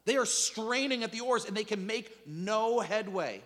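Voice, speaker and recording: A man preaching a sermon in an animated storytelling manner, with dramatic swings in pitch and loudness. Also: moderate pace, in a large hall. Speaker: pastor.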